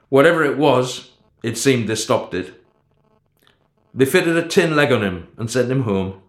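Guy reading a story out loud, steady pace, middle pitch, echoey room. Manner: steady first-person storytelling. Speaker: narrator.

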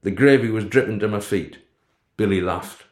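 A man narrating a story in the first person in a steady, low-key way. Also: moderate pace, reverberant. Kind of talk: storybook reading.

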